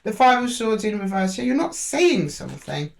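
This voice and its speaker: In a gravelly, mid-range voice with big swings in pitch, a woman reads tarot at a moderate pace, speaking straight to the zodiac sign on camera. She thinks aloud, hesitant, often breaking off and starting over as she pulls cards.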